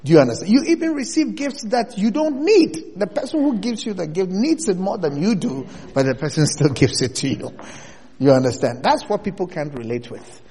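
A male pastor preaches with an animated, swinging delivery and a slightly raised pitch. His voice rises into loud bursts as he presses each point. The sound rings out with a long reverb, as if recorded in a large church hall. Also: moderate pace, breathy edge. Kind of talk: sermon.

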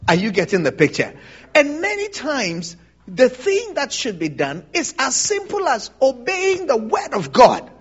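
Animated husky preacher man, muffled. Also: very high-pitched, a little slow. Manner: animated, asks the congregation questions, laughs often. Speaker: pastor. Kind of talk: interactive Bible teaching sermon.

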